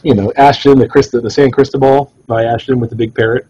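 Husky man in casual podcast banter. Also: fairly even intonation, fast, dark tone, no room sound, muffled recording. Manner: jokey storyteller, pitch jumps when quoting himself. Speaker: cigar shop owner and podcast co-host.

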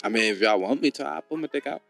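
A man's voice: mid-range voice, lively intonation, quick pace, creaky, a bit bright, soft background music. Joking, slangy male podcast host. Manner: loose, joking, slangy, profane. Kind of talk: casual chat.

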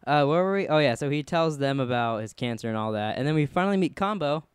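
A man's voice: fairly high pitch, animated, quick pace, clear, resonant tone, no echo. A man in casual podcast chat who recaps a TV show and rambles through stories, swearing a lot and acting out quotes. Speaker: podcast co-host.

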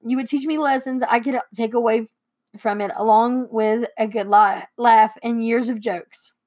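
A woman's voice: a little high, steady tone, moderate pace, a little mellow. A young woman, a daughter co-hosting, reading heartfelt letters aloud and fighting back tears. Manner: tearful, emotional reading. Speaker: co-host and daughter.

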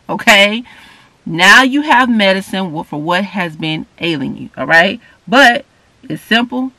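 A man delivers an informal sermon in a bright, somewhat high voice, reading scripture and then explaining it. He keeps checking in with listeners with a frequent "okay?" and grows louder and higher when he presses a point. The sound is close and dry. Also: dry recording. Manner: repeats "okay?" often, rereads passages slowly; earnest, rises in pitch and volume when emphatic. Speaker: preacher.

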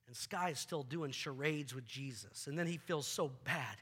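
A male pastor preaching a sermon on a church stage, animated, acting out scenes with volunteers and often repeating words. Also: medium pitch, moderate pace, breathy edge.

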